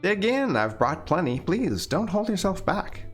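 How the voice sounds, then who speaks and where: A sweet, refined young woman, eager and romantic, as a man voices her in a visual novel read-aloud. Her voice swings through a lively range of pitch, genteel and playful. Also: a little slow, faint music behind.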